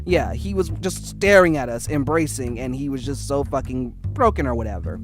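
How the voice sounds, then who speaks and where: A man's voice: medium pitch, normal speed, faint music behind. A young man telling a personal story in a casual, heated and profane way. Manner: heated, profane, animated retelling.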